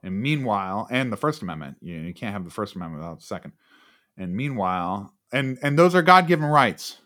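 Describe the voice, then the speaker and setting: A man's voice: on the low side, very animated, a little fast, a bit bright. A man co-hosting a podcast in casual chat, rambling and sarcastic with lots of fillers. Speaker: podcast co-host.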